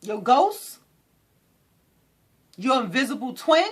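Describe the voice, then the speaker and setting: A woman giving an inspirational talk in an animated, preacherly way, repeating phrases for emphasis. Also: mid-range voice, slow. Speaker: motivational speaker.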